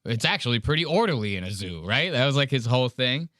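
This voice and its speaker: A man's voice: mid-range voice, fast talker, no echo, studio quality. A man hosting a podcast, ranting in casual chat with lots of swearing. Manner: profane, ranting, animated. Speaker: podcast host.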